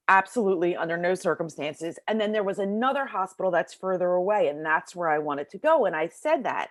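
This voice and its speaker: A middle-aged woman telling a personal story as an interview guest in a casual, animated way, acting out the voices of people in it, recorded in a bedroom at home. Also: on the low side, dry recording, studio quality. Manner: casual, lots of fillers like "like".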